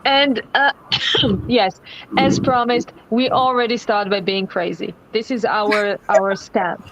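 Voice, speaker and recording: Slow hesitant craft stream lady, lotta ums, muffled lo-fi audio. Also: a little high, fairly even intonation, background noise. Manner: hesitant, many fillers. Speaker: co-host of a craft livestream. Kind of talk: casual livestream chat. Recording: dull lo-fi sound.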